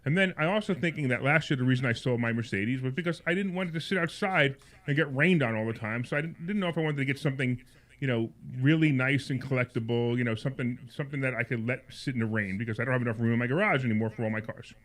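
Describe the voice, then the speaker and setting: Hosting a call-in radio program, a man spins a meandering personal anecdote, full of repeated words and restarts, growing ever more indignant and worked up. His mid-range voice is fairly bright and moves at a quick pace.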